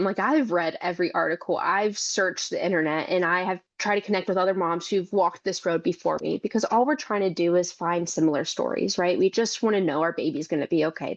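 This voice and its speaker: A woman's voice: lowish voice, lo-fi sound. A young woman, a mother and caregiver, speaking earnestly as a podcast guest and telling her story in long run-on sentences. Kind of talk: conversational interview.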